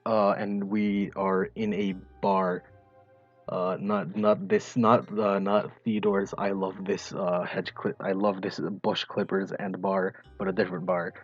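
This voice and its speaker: Man, game master, very deep voice, husky, halting narration, dull lo-fi sound. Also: flat delivery, faint music behind. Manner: hesitant, filler-heavy narration.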